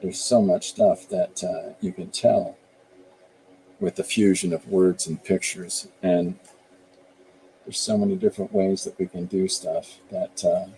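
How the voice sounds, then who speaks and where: A man's voice: sits low, steady tone, unhurried, warm tone, a little hiss or hum, poor audio. A man in his fifties, an artist hosting his show, chatting casually and rambling about his work as he draws. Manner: rambling and easygoing, explaining his work as he goes. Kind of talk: casual chat while drawing live.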